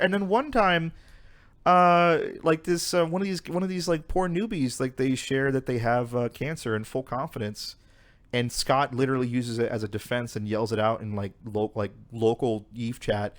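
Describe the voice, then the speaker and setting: A man's voice: medium pitch, moderate pace. A young man co-hosting a podcast, retelling a story in casual chat with lots of swearing and fillers. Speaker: podcast co-host.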